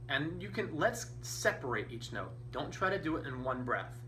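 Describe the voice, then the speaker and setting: A man's voice: mid-range voice, big pitch swings, moderate pace, hardly any pauses, bright, forceful tone. A man teaching a beginner band lesson, patient and encouraging, counting beats aloud. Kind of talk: instrumental lesson. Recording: distant mic with faint noise.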